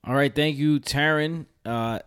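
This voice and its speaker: A man hosting a podcast mock draft, relaxed and joking, often trailing off. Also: fairly high pitch, unhurried, smooth, no echo, studio quality. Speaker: podcast host running the draft. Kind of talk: casual podcast chat.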